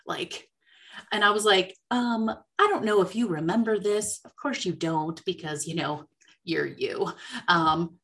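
Woman, casual chat, bright voice, animated storyteller. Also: mid-range voice. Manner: animated storyteller, quoting herself.

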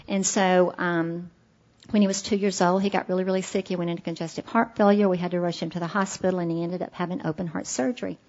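A woman's voice: on the low side, steady tone, quick pace, darkish tone, muffled recording. A middle-aged woman, earnestly telling a heartfelt personal recovery story at a meeting. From Alabama, USA. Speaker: speaker sharing her recovery story.

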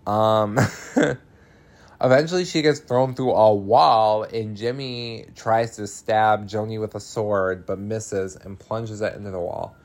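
A man's voice: lowish voice, takes it slowly. A man casually recapping a film, chatty and laughing, swearing freely with many "um"s.

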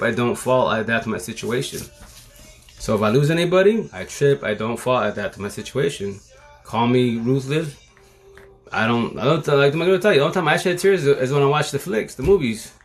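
A man in his forties talking on a live phone stream in a casual monologue, using street slang and repeating his mottos like a sermon. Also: medium pitch. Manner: streetwise slang, repetitive, preachy. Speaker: livestream host.

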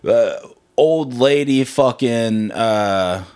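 A man's voice: medium pitch, extremely slow, a little mellow, clean tone. Young man in loose crude podcast banter. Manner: loose, swearing, storytelling. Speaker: podcast co-host.

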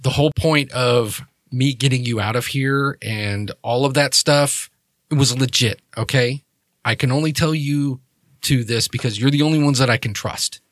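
A man plays a guarded woman keeping secrets in a tabletop game, defensive and evasive, swearing when cornered. Her delivery sits at a middling pitch in a dry, close setting with no room around it. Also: moderate pace, fairly bright tone, no room sound, natural voice. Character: guarded secretive woman, older-sister figure.

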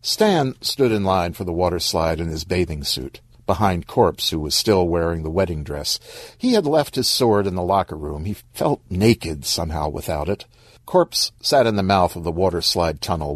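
A man narrating a short story in a wry, expressive storybook reading. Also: low voice, normal speed, no echo.

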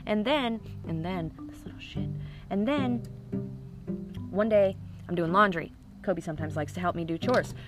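A woman's voice: mid-range voice, normal speed, pauses often, over music. A woman in her thirties telling comic stories about her kids in a casual, rambling, profane way. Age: 30s. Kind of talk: casual comic storytelling to camera.

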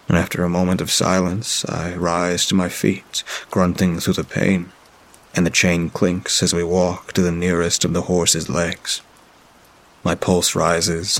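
Male storyteller for a horror narration: very low, husky voice, dramatic reading. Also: fairly bright tone. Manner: dramatic, voices characters in dialogue.

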